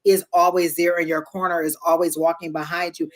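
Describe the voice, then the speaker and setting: Low-voiced woman giving an animated psychic reading. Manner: animated and emotional, quick to share impressions. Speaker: tarot reader. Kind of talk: live-streamed psychic reading.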